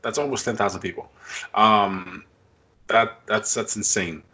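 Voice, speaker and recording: Blunt bright-voiced podcast co-host man. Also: on the low side, steady tone. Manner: blunt, opinionated, quick dismissive jabs. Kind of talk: casual sports chat.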